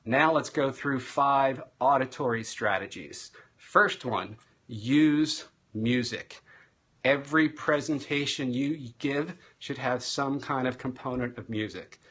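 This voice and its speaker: An energetic man teaches over a live stream at a mid-range pitch. He shifts between loud and soft and speeds up and slows down to stress his points. He sounds like a practiced classroom speaker. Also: husky. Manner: energetic, varies loudness and pace for emphasis.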